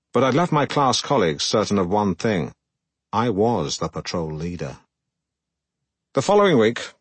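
An actor playing a pompous, self-regarding middle-aged broadcaster who narrates his own memoir in a deadpan way. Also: fairly low pitch, husky, no echo. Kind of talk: comic audiobook narration.

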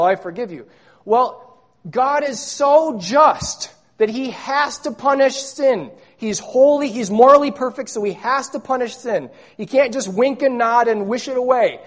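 A male pastor preaching a sermon, stressing words loudly and repeating them, then dropping to hushed, low lines. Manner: emphatic, swinging between loud stresses and hushed low lines.

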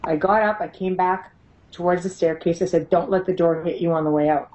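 There's a little hiss or hum in this low-quality recording of a middle-aged woman being interviewed about her paranormal investigations. Her lowish, slightly mellow voice moves fairly quickly with fairly even intonation as she tells casual, animated stories, often laughing and imitating the voices she quotes.

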